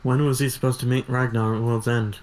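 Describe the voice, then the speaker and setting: A man's voice: medium pitch, flat delivery, a little fast, darkish tone. A man playing a tabletop game, casually describing what his character does. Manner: casual, describes actions with fillers. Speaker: player. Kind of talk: tabletop role-play.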